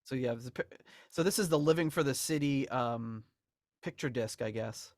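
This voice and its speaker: A man talks through music memorabilia in a loose, rambling way, often restarting and laughing. His voice sits at a middle pitch, recorded dry and close. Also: moderate pace, a little mellow, dry recording. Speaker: podcast co-host. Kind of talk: casual chat about album memorabilia.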